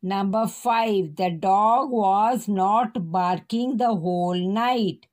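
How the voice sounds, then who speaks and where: Woman teacher, very slow and patient, spells each word out for young pupils. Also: mid-range voice, darkish tone. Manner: slow, spells words letter by letter. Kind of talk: primary school lesson.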